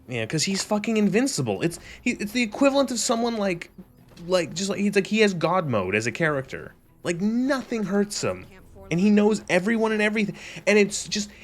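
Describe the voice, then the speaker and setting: A young man on a gaming stream, rambling sarcastically with lots of swearing and laughter. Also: a little high. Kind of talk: casual gaming stream commentary.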